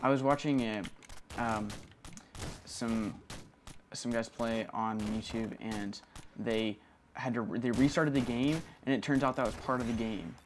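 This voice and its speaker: Young male guest gamer, mid-pitched voice, wry quick jokes; faint game sounds. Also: fairly even intonation, slight background noise. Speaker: guest player. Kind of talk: casual gameplay chat.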